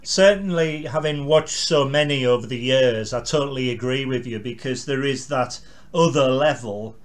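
A man's voice: medium pitch, normal speed. Man hosting a chatty interview. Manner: chatty, brief agreeing interjections. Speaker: podcast host, interviewer. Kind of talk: casual interview.

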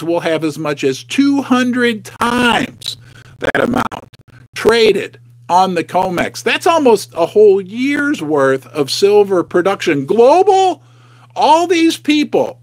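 Speaking from his home basement, this middle-aged host of a precious-metals investing channel keeps his livestream casual, folksy and chatty, regularly turning to quiz viewers. He talks slowly in a high voice with big pitch swings, and there's no room sound.

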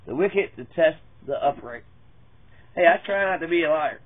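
A man rambles through a parody Bible reading, swearing and losing his place as he goes. His voice is husky and a little high. The sound is tinny and lo-fi, like a phone line. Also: expressive, normal speed. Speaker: mock preacher.

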